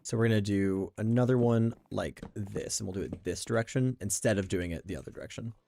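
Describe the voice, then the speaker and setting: This streamer's voice is fairly low, warm, and creaky, a little fast, with some faint hiss or hum. He casually narrates a survival game, thinking aloud and restarting sentences often, over faint background game music.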